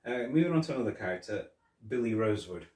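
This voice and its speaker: A podcast host rambles casually about a film, retelling scenes and laughing as he goes. His voice is on the low side, expressive and a little mellow, and he talks fast. The recording has a roomy echo from a distant mic.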